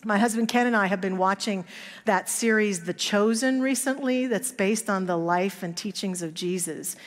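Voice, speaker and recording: A woman's voice: medium pitch, moderate pace. A woman minister giving a sermon, telling stories and acting out the voices of the people in them. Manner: storytelling, acts out quoted voices. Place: church sanctuary. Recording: long hall reverb.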